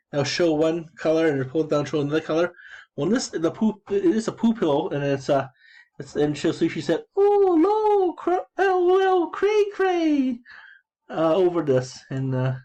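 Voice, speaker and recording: Casual gamer guy in his thirties, dark mellow tone, meandering storyteller who stumbles over his words. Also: a little high, fairly quick, dull audio. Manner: digressive, full of restarts and repeated words. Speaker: gamer explaining his in-game chat. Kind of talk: rambling casual commentary.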